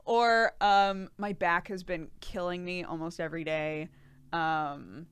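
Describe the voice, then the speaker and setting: A woman's voice: lowish voice, smooth, dry recording, clean studio sound. A young pregnant woman streaming, chatting casually with her viewers, laughing often and swearing freely. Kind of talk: casual chat with live chat.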